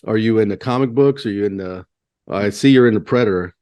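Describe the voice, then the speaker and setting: A man's voice: lowish voice, brisk, dark tone. A man hosting a podcast, asking curious, friendly interview questions.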